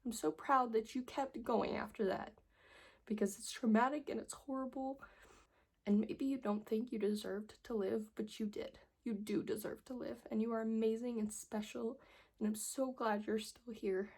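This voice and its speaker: A woman's voice: fairly high pitch, fairly even intonation, moderate pace, darkish tone, slightly rough. A young woman telling her personal story in a vlog, emotional and earnest, tearful as she pleads with viewers. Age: young adult. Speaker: vlogger.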